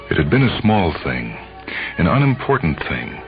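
A man narrating a story in a measured, brooding way. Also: low-pitched, sing-song. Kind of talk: dramatic audiobook narration. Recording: muffled lo-fi recording, faint music.

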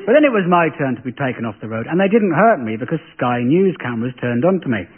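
A man's voice: mid-range voice, very animated, fast talker, background noise. Dry sardonic English man on tinny radio. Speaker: comedy panel show host. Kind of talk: satirical stand-up monologue. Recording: lo-fi phone-like radio broadcast.

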